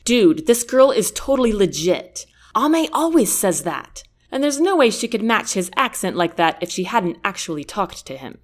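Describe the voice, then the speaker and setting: A woman's voice: mid-range voice, big pitch swings, moderate pace, few pauses. A woman voicing a cocky young male sailor in a storybook, smug and drawling.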